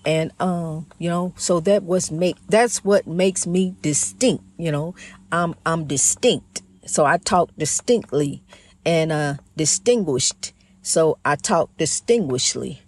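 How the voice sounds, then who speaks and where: A woman's voice: deep voice, takes it slowly. A woman hosting her own program in a casual, rambling spiritual monologue, folksy and preachy, calling her listeners honey. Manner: preachy, praising God. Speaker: host of a motivational program.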